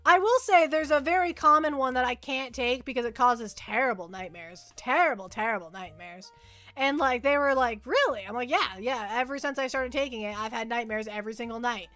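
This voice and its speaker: A woman's voice: fairly high pitch, fairly quick, a bit bright, soft background music. A young woman livestreaming casual chat, rambling and repeating words as she answers her chat.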